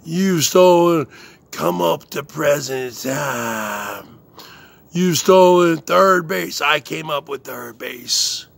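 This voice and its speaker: A man hosting his own show, delivering a slow, boastful rant full of drawn-out catchphrases and chuckles. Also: on the high side, lively intonation, vocal fry, fairly bright tone. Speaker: host.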